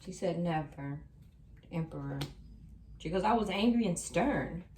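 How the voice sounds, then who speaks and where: A woman's voice: on the low side, lively intonation, a little slow, background noise. A woman doing a tarot reading for viewers, reassuring and emphatic, repeating her key lines. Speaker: tarot reader. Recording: roomy sound from a distant mic.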